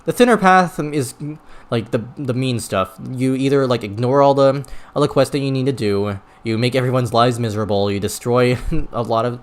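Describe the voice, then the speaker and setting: A man's voice: medium pitch, normal speed. A man streaming a video game, talking casually in a rambling way with many restarts and stumbles. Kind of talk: casual gameplay commentary.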